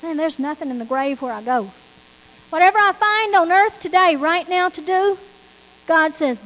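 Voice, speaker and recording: High-voiced woman preaching with long reverb. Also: animated, normal speed, a bit bright. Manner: emphatic and repetitive, quoting scripture. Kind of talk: sermon.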